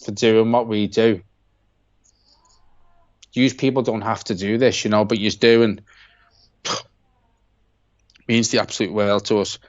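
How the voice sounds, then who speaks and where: A man's voice: on the low side, steady tone, unhurried, long pauses, no echo, lo-fi sound. A man co-hosting a live football watch-along, chatting and reading out donations in a heartfelt, sweary way. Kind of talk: casual live-stream chat, reading out donations.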